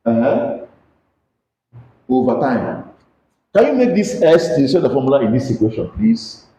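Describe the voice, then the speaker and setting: A man's voice: mid-range voice, sing-song, normal speed, warm tone, roomy sound, low-quality recording. A man with a Nigerian English accent teaching a physics lesson, questioning students and coaxing them to answer aloud. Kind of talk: classroom lesson with call-and-response questions.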